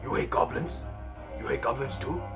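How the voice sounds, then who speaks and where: A man voicing a dim-witted male stone giant who hates goblins, speaking in blunt, broken phrases and sometimes shouting eagerly. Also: normal speed, faint music behind, close to an everyday voice. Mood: suspicious.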